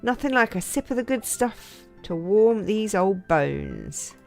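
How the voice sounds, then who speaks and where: A woman's voice: medium pitch, animated, takes it slowly, vocal fry, soft background music. A woman reading aloud the lines of a boozy older woman villager from a farming game. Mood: gruff. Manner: reading on-screen dialogue aloud.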